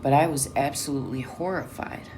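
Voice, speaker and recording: Casting note: woman with a very deep voice, blunt and profane, candid personal storytelling. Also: a little fast, background noise. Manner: blunt, swears often. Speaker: vlogger.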